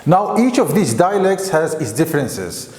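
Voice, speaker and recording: A man teaches slowly and deliberately, often checking in with "okay?". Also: on the high side, very animated, darkish tone. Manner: slow and deliberate, with frequent "okay?" check-ins. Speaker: Arabic teacher. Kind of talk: explaining to camera. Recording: echoey room with long reverb.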